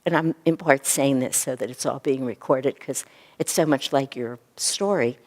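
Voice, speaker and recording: A woman teaching a spiritual yoga class, talking earnestly and often softly to a group. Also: extremely low pitch, moderate pace. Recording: echoey hall recording.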